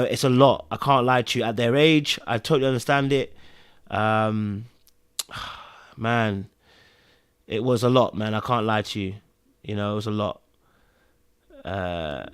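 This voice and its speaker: Animated man recapping TV. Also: mid-range voice, no echo, clean studio sound. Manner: animated, repeats phrases for emphasis. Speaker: TV recap podcast host. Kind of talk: casual recap commentary.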